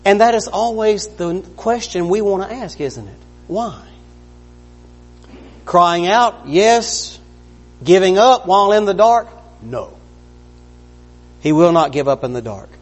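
A man's voice: high-pitched, lively intonation, slow pace, long pauses. A man preaching an earnest, conversational sermon, acting out the lines he quotes. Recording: long reverb of a large hall.

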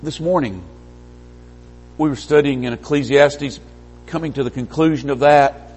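A man preaching a sermon, emphatic, swinging from stressed peaks to quiet low lines. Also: normal speed, breathy edge. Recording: long hall reverb.

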